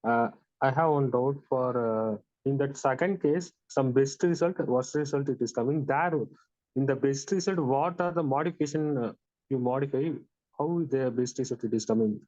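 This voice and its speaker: A man's voice: medium pitch, normal speed, a little mellow, no room sound, lo-fi sound. A man, a research fellow, politely asking a question in a lecture session, searching for his words.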